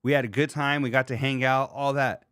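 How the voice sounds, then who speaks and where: A man's voice: mid-range voice, steady tone, brisk, fairly bright tone, clean tone, no room sound. Rambling, dry-voiced man hosting a livestream. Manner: loose and rambling, swears casually. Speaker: livestream host. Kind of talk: casual solo livestream chat reading viewer comments.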